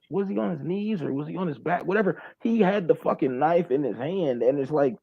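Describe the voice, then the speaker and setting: A man's voice: a little high, dry recording, muffled recording. A man co-hosting a casual podcast, sardonic and swearing freely. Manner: profane, sardonic. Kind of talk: casual chat.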